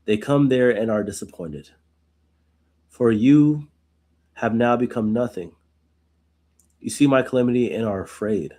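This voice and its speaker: A man's voice: medium pitch, unhurried, long pauses, dark tone. A man hosting a Bible study who reads verses aloud and then explains them informally, often asking "right?". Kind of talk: reading scripture aloud with casual commentary.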